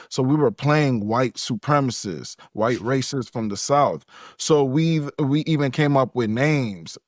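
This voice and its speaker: A man's voice: mid-range voice, no echo, clean studio sound. A man being interviewed, talking in a casual, rambling way and laughing often. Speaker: interview guest.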